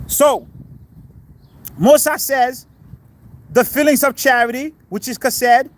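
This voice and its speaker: A man's voice: very high-pitched, slow, pauses often. A man giving a casual outdoor scripture lesson while sitting on the grass. He talks informally, quizzes his listeners and explains each term. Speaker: spiritual teacher.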